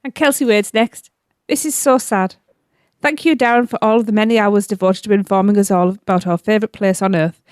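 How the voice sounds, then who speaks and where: A woman with a mid-range voice reads listener farewell notes on a podcast in a warm, sympathetic tone. The sound is close and dry, with no room echo. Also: medium pitch, fairly even intonation, fairly quick, clear, resonant tone. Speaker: podcast co-host. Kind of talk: reading listener messages aloud.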